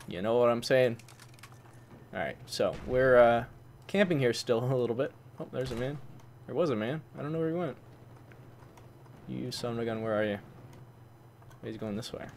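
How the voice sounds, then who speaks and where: A man doing excitable gameplay commentary, who swaps swear words for mild ones like "fudge" and breaks into loud, high-pitched outbursts. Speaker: gaming channel host. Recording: faint game noise behind. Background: gunfire from the game.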